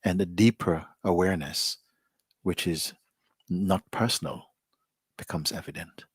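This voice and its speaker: A man as a spiritual teacher, giving a reflective, unhurried satsang talk to a live gathering and often softening almost to a whisper. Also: sits low, husky, no echo, studio quality.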